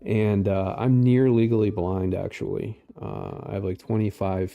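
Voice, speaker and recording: A man's voice: lowish voice, flat delivery, moderate pace, gravelly, mellow, faint music behind. A man in his forties reading posts and riffing on them in rambling, sarcastic casual commentary, full of fillers. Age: 40s. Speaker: political commentary streamer.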